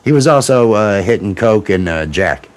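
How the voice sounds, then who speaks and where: A man hosting a casual livestream, talking in a loose, rambling way with swearing and excitable restarts. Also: fairly low pitch, moderate pace. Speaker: livestream host. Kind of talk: casual chat.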